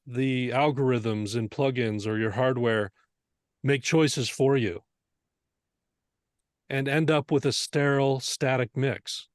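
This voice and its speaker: A man's voice: mid-range voice, dry recording. Man explaining mixing in a dry room. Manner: earnest, explanatory, with rhetorical questions. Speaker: mixing instructor. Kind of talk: teaching a lesson on mixing.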